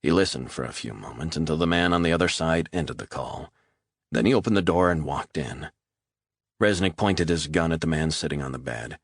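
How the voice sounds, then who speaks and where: A man reading a thriller audiobook as narrator, steady and measured. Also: extremely low pitch, creaky, slightly rough, no echo, clean studio sound. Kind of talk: scripted narration.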